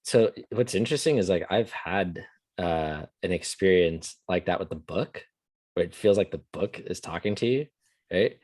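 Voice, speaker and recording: A man's voice: sits low, moderate pace, darkish tone. A man co-hosting a casual podcast, joking along and often starting his sentences over. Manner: joking, stammering restarts, laughs often. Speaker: podcast co-host.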